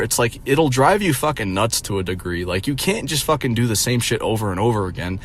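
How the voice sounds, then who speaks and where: A man's voice: mid-range voice, very animated, brisk, hardly any pauses, a little hiss or hum. A young man in his twenties, a streamer telling a rambling, profane story in a mocking, incredulous tone. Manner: profane, rambling, with many fillers. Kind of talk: casual storytelling rant.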